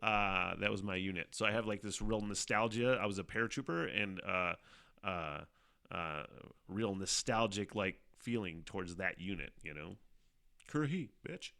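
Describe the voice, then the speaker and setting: A middle-aged man hosting a casual solo podcast, rambling and swearing often, animated, with frequent laughs. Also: low-pitched, moderate pace, vocal fry. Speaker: podcast host.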